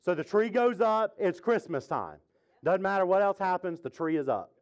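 A man's voice: high voice, lively intonation, moderate pace. A male pastor preaching a casual, joking sermon to his congregation and asking them questions. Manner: chatty, jokey, asks the congregation questions. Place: church sanctuary with congregation.

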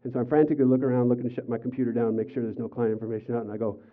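An older male pastor delivers a sermon, swinging from loud, acted-out quotes to quiet, earnest appeals. The sound is thin and tinny, like a phone line. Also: mid-range voice, racing. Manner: animated storytelling, acts out quotes with raised voice. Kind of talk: sermon with personal stories.

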